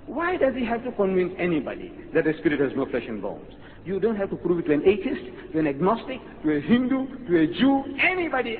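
A high-voiced man lectures to a hall, his pitch leaping as he fires off rhetorical questions. The recording is tinny and lo-fi, with a long hall echo and faint hiss. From South Africa. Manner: animated, rhetorical questions, acts out quotes. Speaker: religious lecturer. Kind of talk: public lecture.

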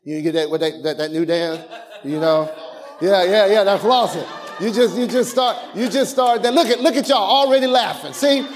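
A man preaching a sermon as pastor, animated, with call-and-response, laughter and shouted lines, in informal speech full of restarts and repetitions. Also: high voice, normal speed, some chatter behind.

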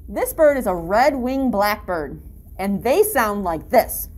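A woman's voice: medium pitch, big pitch swings, takes it slowly, very noisy. A woman guiding children along an outdoor story walk, reading a picture book aloud in an upbeat, encouraging, teacherly way and imitating animal sounds. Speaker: library story-walk guide.

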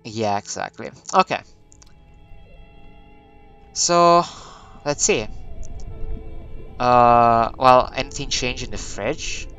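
A man's voice: medium pitch, expressive, slow, pauses often, a bit bright, clear, resonant tone, lo-fi sound, faint music behind. A man playing a video game, reading its text aloud and thinking aloud in a hesitant, musing way. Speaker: let's play gamer.

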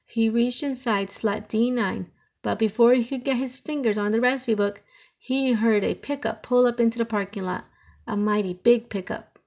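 Gravelly woman reading a picture book. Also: on the high side, moderate pace. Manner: expressive storytelling. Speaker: storybook reader.

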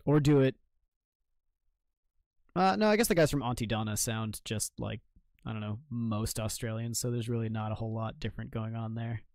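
A man's voice: mid-range voice, moderate pace, a little mellow, no echo. Joking, swearing young man streaming games. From Maine, United States. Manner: joking, swears freely, reacts to chat. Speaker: game streamer. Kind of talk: casual live-stream chat while gaming.

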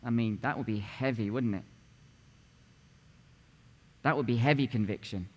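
A man's voice: mid-range voice, normal speed, a little mellow. A man in his late forties preaching a sermon as pastor, punchy and conversational, firing rhetorical questions at the congregation. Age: 40s. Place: church sanctuary. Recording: long church reverb.

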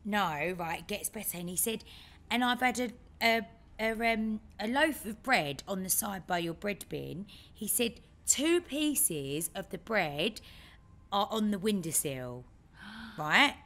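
A woman co-hosting a podcast, telling a story in a lively way and acting out other people's lines. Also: mid-range voice, slow. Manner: animated storyteller, acts out her dad's lines. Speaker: podcast co-host. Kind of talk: casual chat, storytelling.

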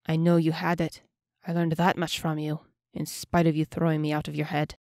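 A woman's voice: deep voice, flat delivery, moderate pace, a little mellow, dry recording, studio quality. A woman reading an audiobook, voicing a cold, refined, menacing male elf. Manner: cold, clipped, commanding.

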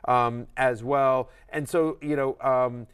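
A middle-aged man hosting a fantasy football show, talking fast and animated, acting out voices as he rants. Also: medium pitch, smooth. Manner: animated, ranting, acts out quoted voices. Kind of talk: excited sports analysis chat.

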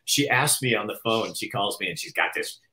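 A man's voice: on the low side, expressive, fairly quick, sharp tone, poor audio. A man hosting a live show, teasing and joking through casual banter. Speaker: show host. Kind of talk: casual live-stream chat.

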